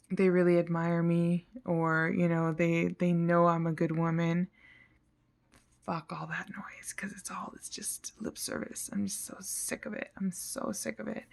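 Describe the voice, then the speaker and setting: A woman's voice: medium pitch, creaky. A woman talking frankly and a little frustrated in a casual vlog, rambling and sometimes dropping almost to a whisper, tired. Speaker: vlogger.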